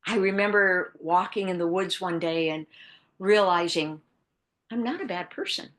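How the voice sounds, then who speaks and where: A woman author from the American Midwest, telling a personal story in a podcast interview, earnest and reflective, dropping to a hush and then rising with emphasis. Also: lowish voice, moderate pace. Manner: earnest, reflective, shifting between hushed and bursting emphasis. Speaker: author guest.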